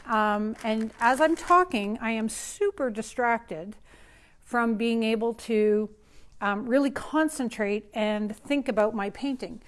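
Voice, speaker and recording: A woman's voice: a little high, slow pace. A woman painter hosting a live open studio, chatting and thinking aloud as she demonstrates her process.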